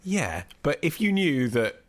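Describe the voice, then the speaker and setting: A man's voice: fairly high pitch, sing-song, a little slow. A man co-hosting a podcast, chatting casually with wry, joking banter. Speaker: podcast co-host. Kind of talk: casual chat.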